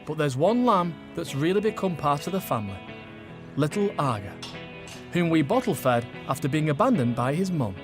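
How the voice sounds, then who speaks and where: Lively northern narrator over music. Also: male voice, fairly high pitch, moderate pace. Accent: Oldham, northern English. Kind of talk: scripted documentary narration. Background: background music.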